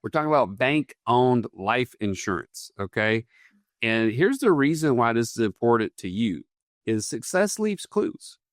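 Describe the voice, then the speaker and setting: A man's voice: mid-range voice, big pitch swings, measured pace, dry recording, studio quality. A man co-hosting a finance podcast, upbeat and joking, who builds his points step by step. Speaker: podcast co-host.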